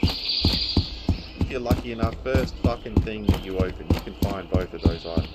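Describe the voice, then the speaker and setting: Over loud music and loud game audio, a young man streams a game live, cursing and venting his frustration at the poor loot he's getting. His voice sits on the low side and moves at a moderate pace as he gives live commentary.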